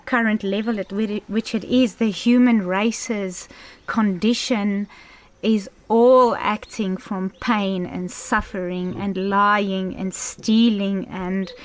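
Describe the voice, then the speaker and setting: A woman speaking hesitantly in a spiritual conversation, pausing often with uhs. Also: medium pitch, steady tone. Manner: slow, halting, hesitant.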